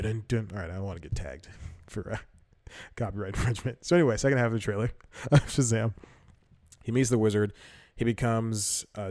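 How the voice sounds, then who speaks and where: A man's voice: on the low side, a little mellow, no room sound, studio quality. A young man hosting a comedy podcast, rambling through casual commentary, correcting himself and laughing often. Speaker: podcast host.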